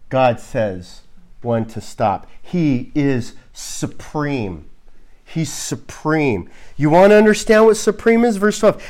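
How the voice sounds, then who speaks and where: A pastor from Southern California preaches slowly, pausing to let his points sink in. His voice sits a little high for a man, and he keeps firing rhetorical questions between relaxed, chatty asides. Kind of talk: sermon.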